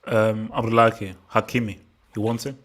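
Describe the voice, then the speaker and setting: A man's voice: on the low side, level tone, normal speed, a little hiss or hum. A man hosting a casual football chat on a video call, often stumbling over repeated words. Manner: repeats words, stammering restarts. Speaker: host.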